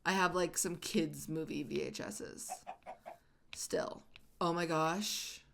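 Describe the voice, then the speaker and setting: A woman's voice: low-pitched, slow pace, gravelly, a bit bright, a little hiss or hum. A woman hosting a casual let's-play, chatting and rambling with lots of "like" fillers as she plays. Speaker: gaming channel host.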